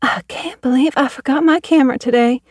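A woman's voice: sits high, a little fast, dry recording, studio quality, voice pushed up. A woman reading an audiobook, voicing a fussy, gushing middle-aged mother who talks in a prim way.

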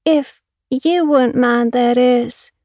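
A woman reading an audiobook, voicing an excitable young girl who pleads and wails. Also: fairly high pitch, slow pace, no echo, clean studio sound, pitched above the performer's own voice. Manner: pleading, wailing.

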